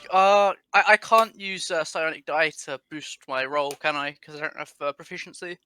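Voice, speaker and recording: A man playing in a tabletop game, asking halting, stop-start questions. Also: fairly high pitch, steady tone, bright, forceful tone, slight background noise. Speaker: player.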